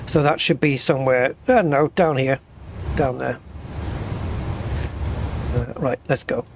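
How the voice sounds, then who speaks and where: A man's voice: medium pitch, a little slow, noisy background. A man streaming a flight simulator, chatting casually with viewers while flying. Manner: chatty, reads and answers chat while flying. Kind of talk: casual live-stream chat over gameplay.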